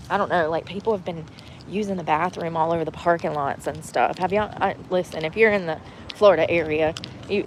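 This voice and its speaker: A woman's voice: fairly low pitch, a little hiss or hum. A woman, livestreaming casual chat from a parked car, rambling and candid and laughing often. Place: parked car in a parking lot.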